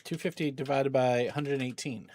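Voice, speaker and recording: A middle-aged man hosting a charity game stream, talking casually, thinking aloud with many restarts and greeting viewers with bursts of excitement. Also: mid-range voice, normal speed. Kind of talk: casual livestream chat.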